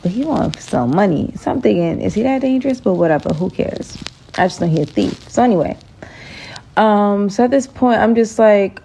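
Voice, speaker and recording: Animated young woman telling a story. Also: medium pitch, fairly quick, gravelly, a little hiss or hum. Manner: animated, chatty, dramatic asides. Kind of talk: casual storytime monologue.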